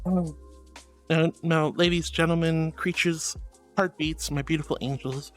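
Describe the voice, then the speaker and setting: A woman's voice: fairly low pitch, moderate pace, faint music behind. A woman streaming live, chatting playfully and theatrically with her chat and reading their messages aloud.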